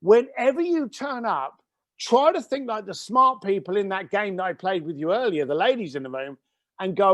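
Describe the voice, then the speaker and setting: A middle-aged business founder, a man with a high, animated voice, tells blunt, emphatic stories as an interview guest, swearing casually. He speaks at a moderate pace in conversational storytelling, and the dry recording sounds a bit bright.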